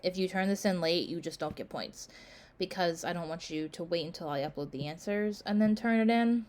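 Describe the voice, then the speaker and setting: A woman's voice: on the low side, brisk, a little mellow, a little hiss or hum. A woman instructor giving a class casual course announcements, full of "um" and "like", tired and yawning. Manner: casual, filler-heavy, frequent "um" and "like". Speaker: college instructor.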